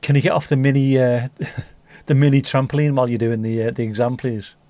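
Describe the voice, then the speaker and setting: A man hosting a relaxed livestream chat in a middle-pitched voice. He riffs in crude, joking banter and swears freely. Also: brisk. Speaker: livestream host. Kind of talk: casual pub-style livestream chat.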